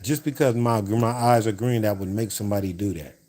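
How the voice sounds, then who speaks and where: A man's voice: lowish voice, a little fast, darkish tone. Rambling man telling stories on a livestream. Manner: rambling, repeats phrases, talks straight to viewers. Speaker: livestream host. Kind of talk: casual storytelling to a live chat.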